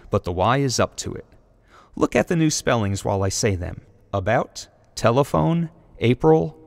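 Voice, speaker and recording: A man's voice: on the low side, in a large hall. A man narrating a scripted video essay, carefully sounding out example words one by one. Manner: slow, deliberate word-by-word pronunciation.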